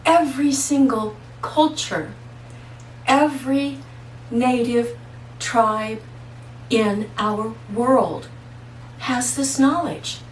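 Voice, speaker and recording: A woman holistic practitioner telling personal stories in a casual monologue, slow, emphatic and earnest. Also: fairly high pitch, recorded from a distance, a little hiss or hum. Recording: echoey room, voice away from mic.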